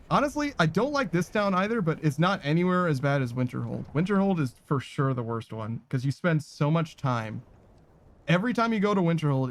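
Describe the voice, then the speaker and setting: A man giving casual, profane, sarcastic commentary while playing a video game. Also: fairly high pitch. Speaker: gaming streamer.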